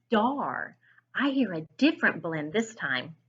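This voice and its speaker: A woman's voice: mid-range voice, big pitch swings, takes it slowly, fairly bright tone, muffled recording. A woman reading teacher leading a phonics lesson for children, sounding out each letter and praising along the way.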